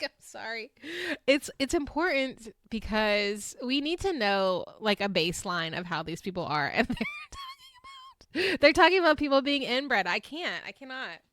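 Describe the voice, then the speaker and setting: The host, a woman past her twenties, gives a frank, chatty reality-show recap on a podcast, swearing freely and often laughing between filler words. Her voice is a little high and a bit bright, with studio-quality sound and no room sound.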